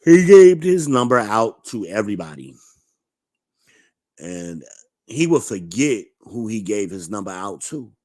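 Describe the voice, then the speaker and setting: A man's voice: lowish voice, big pitch swings, unhurried, a little mellow, dry recording, studio quality. A man in his forties telling blunt, profane stories in a laid-back, casual vlog monologue. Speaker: vlogger.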